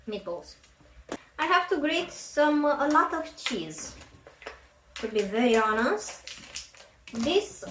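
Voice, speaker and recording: A woman with a fairly high, slightly bright voice vlogs while cooking in her home kitchen, chatty and self-deprecating as she thinks aloud. The camera sits at a distance with her face out of frame, so the mic is far off, the kitchen sounds roomy and there's faint noise.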